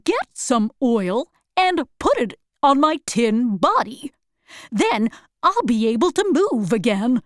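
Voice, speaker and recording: A woman voicing a gentle, sad tin man who longs for a heart, telling his story in a soft, mournful way in a storybook reading. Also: on the high side, very animated, slow, no room sound, clean studio sound. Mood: pleading.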